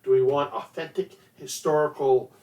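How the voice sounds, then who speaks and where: A man, a theater director, hosting an interview and talking in a relaxed, reflective way about acting. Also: a little high, normal speed, distant mic, lo-fi sound. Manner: relaxed, reflective, frequent uh fillers. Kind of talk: casual interview chat.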